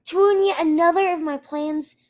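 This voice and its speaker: A woman's voice: fairly high pitch, animated, moderate pace, voice pushed up, close to an everyday voice. A woman reading a storybook aloud and voicing a fierce, exhausted young female ice dragon who snarls and spits her words. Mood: bitter. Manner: snarling, spitting, bitter. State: sleepless, wounded.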